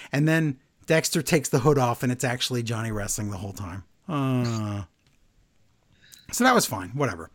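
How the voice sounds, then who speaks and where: A man's voice: medium pitch, normal speed. A man co-hosting a casual chat, recapping events and acting out quotes with playful voices. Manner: animated, acts out quotes in voices. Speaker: podcast co-host recapping wrestling.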